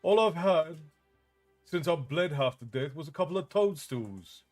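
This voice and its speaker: A man's voice: on the high side, animated, measured pace, soft background music. A man reading aloud, voicing a sulky, hungry teenage wizard boy who grumbles irritably. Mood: grumbling.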